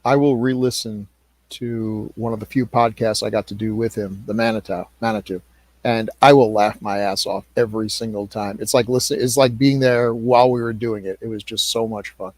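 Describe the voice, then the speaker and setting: A man's voice: fairly low pitch, fairly even intonation, normal speed, a little mellow, no echo. Man joking on a dry-sounding podcast. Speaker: podcast co-host. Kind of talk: casual podcast chat.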